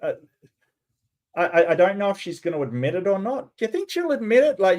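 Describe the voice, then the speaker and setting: A man's voice: high voice, very animated, a little fast, darkish tone. Sarcastic Australian man reacting to clips. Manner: sarcastic, mocking. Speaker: commentary host. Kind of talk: reaction commentary.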